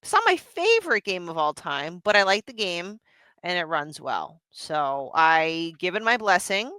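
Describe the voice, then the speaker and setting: A middle-aged woman co-hosting a podcast in casual chat, animated and chatty, laughing often and restarting her sentences. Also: lowish voice, unhurried, clear, resonant tone. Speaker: podcast co-host.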